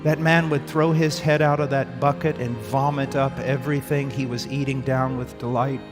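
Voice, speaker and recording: A man preaching a sermon with dramatic swings from loud outbursts to hushed tones. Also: medium pitch, steady tone, moderate pace. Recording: long reverb in a hall, faint music.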